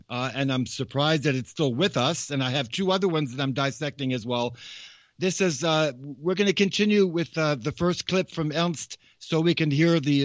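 Male host, casual digressive monologue, keeps restarting sentences, slightly high voice, dry dull recording. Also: dry recording. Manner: meandering, digressive, frequent restarts. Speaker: show host.

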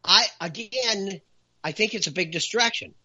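A man talking in an animated opinion chat, raising his voice for emphasis. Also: sits high, moderate pace, highs cut off. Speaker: talk show guest.

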